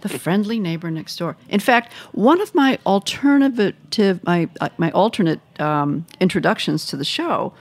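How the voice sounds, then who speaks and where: Female host, deep voice, chatty and eager with her questions. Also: lively intonation, normal speed, few pauses. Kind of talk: radio interview.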